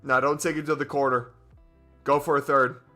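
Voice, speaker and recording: A male streamer chatting during a live game stream on his microphone, excitable and joking. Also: mid-range voice, moderate pace, faint music behind. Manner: excitable and joking, with whoops and laughs.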